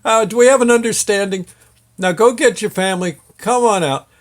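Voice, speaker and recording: A man's voice: high-pitched, a little fast, lightly acted. A man playing folksy, fatherly God. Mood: patient. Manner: homespun scolding with folksy exclamations. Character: folksy fatherly God, exasperated but kindly.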